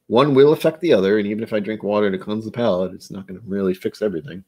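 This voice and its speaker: A man with a slightly low voice talks casually while tasting whiskey on his stream. He rambles and jokes, answering his chat as he goes. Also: rapid-fire, darkish tone, breathy edge.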